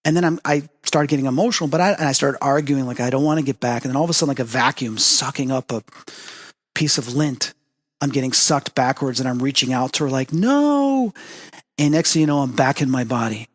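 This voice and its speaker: A man's voice: fast, in a large hall. A man hosting a spiritual talk show, telling a personal story and acting out the dialogue with big jumps in voice. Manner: animated storytelling, acts out quoted dialogue with big pitch jumps. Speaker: host. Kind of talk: storytelling monologue.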